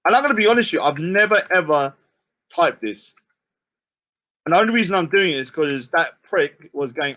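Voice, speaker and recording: A man hosting a live stream, ranting and mocking, swinging between shouts and low mutters. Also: animated, normal speed.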